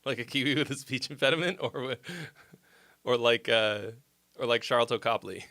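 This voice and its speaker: A man hosting a live stream, chatting casually with viewers in a rambling, profane, excitable way and answering their comments. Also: medium pitch, moderate pace. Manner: reads viewer comments aloud and replies. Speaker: livestream host giving song critiques.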